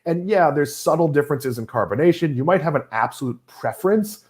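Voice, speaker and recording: Middle-aged male host, animated delivery, wry and teasing. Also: a little high, brisk. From Massachusetts. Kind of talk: casual chat.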